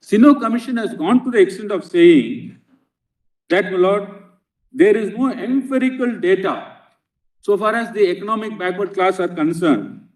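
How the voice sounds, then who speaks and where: A man's voice: high voice, animated, normal speed, a little mellow. A man with an Indian English accent arguing a legal case before a bench in a courtroom, earnestly addressing the judges as "Lord" before nearly every phrase. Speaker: advocate. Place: large courtroom. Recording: echoey courtroom, distant mic.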